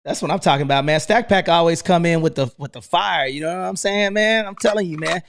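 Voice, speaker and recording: A man's voice: fairly high pitch, quick pace, creaky, background noise. A man hosting a live real estate stream, talking casually and energetically with lots of slang and repeated "man". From United States. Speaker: host.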